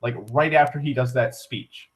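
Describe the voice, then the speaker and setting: A man's voice: medium pitch, steady tone, moderate pace. Rambling young man ranting with profanity. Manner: rambling, profane, heavy on "like", frequent restarts. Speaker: vlogger. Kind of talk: rambling casual rant.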